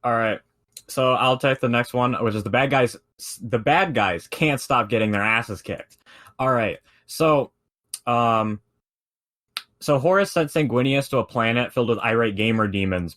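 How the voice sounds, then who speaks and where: A man's voice: medium pitch, moderate pace, a bit bright, no room sound. A man in casual chat, explaining lore in a laid-back way with many fillers.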